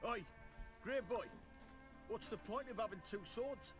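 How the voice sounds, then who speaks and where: A man's voice: very high voice, a little slow, music in the background. An actor playing a coarse, brutish male tavern thug who jeers and threatens. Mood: taunting. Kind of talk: video game voice acting.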